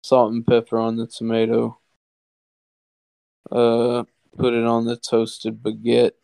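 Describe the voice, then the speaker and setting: Slow, meandering man on a podcast. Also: mid-range voice, completely flat delivery, creaky, warm tone, no echo. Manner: slow, drawn-out, meandering, swearing. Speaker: podcast co-host. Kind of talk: casual chat. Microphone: studio mic, no camera.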